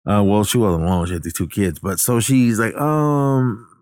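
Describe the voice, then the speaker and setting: A man's voice: low-pitched, a little fast, darkish tone, no echo, studio quality. A man casually retelling a film plot, rambling, backtracking to correct himself and briefly acting out the characters' lines. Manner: acts out the characters' lines in passing.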